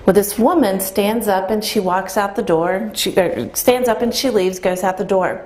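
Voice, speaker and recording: A woman's voice: mid-range voice, normal speed, a little mellow. A middle-aged woman telling a personal story to a live audience, quoting herself and others and asking the listeners questions. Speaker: speaker telling her story. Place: event room with an audience.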